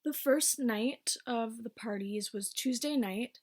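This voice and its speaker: A vlogger in her twenties, with a voice on the high side, tells a casual storytime. She's blunt and swears freely, her speech coming in quick bursts between slower stretches.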